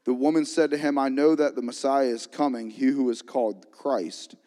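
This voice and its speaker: A man preaching a sermon as a pastor, energetic, with call-and-response lines to the congregation. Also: medium pitch, moderate pace. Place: church sanctuary. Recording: long reverb of a large hall.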